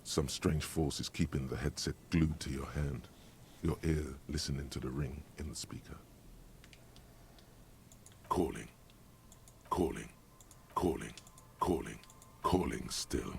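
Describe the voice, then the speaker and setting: A man voicing a brooding game narrator, speaking in slow, ominous second person with a deep, gravelly voice. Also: a little hiss or hum, exaggerated voice. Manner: slow, ominous, dramatic pacing. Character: brooding omniscient male narrator voice.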